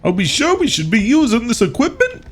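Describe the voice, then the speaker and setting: A man putting on a high, strained voice as a nervous, cautious plumber brother. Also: sing-song, a little fast. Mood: worried. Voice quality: strained, high-pitched put-on cartoon voice.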